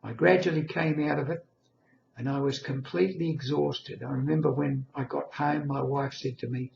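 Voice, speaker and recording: A man's voice: a little high, moderate pace, vocal fry, a little mellow, slight background noise. An elderly man in his eighties telling a personal story in an earnest, reflective monologue. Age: 80s. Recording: echoey lo-fi room recording.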